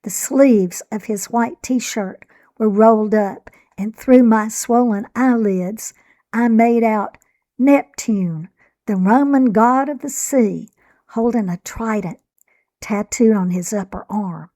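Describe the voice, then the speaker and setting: Slow, measured woman narrating a memoir. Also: fairly high pitch, dark tone. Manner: measured, reflective storytelling. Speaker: author and narrator.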